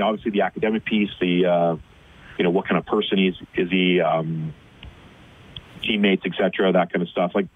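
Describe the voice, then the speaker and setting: A low-voiced man with a husky, breathy tone talks through a tinny phone line. He speaks as a football coach in an easygoing radio interview, filling his sentences with "um" and "you know.". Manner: conversational, many fillers and restarts. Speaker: high school football coach, guest.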